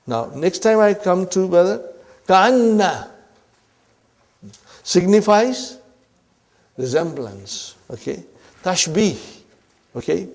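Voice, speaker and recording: Slow-paced male Arabic grammar teacher. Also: high voice, very animated. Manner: repeats points, checks in often with "huh?" and "are you with me"; addresses listeners as brothers and sisters. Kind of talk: classroom lecture.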